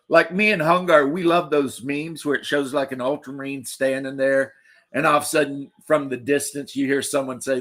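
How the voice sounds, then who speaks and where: Sex: male. Origin: United States. Role: livestream host. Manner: rambling, joking, swears freely. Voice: bright and forceful. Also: medium pitch, normal speed. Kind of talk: casual chat.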